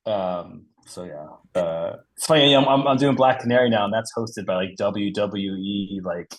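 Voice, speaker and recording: A man in his forties, a comic book writer talking as a guest in a casual interview, rambling and animated, swearing freely and laughing often. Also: on the low side, moderate pace. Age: 40s.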